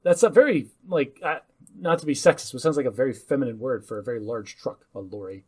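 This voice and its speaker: A man's voice: mid-range voice, fast, a little mellow, husky. A man co-hosting a podcast in casual chat, trading snarky jokes. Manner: snarky, joking. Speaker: podcast co-host.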